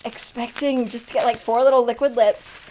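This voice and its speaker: A young woman in a casual makeup unboxing vlog, chatty and excitable, often gasping and laughing. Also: a little high, moderate pace, a little hiss or hum. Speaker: beauty vlogger.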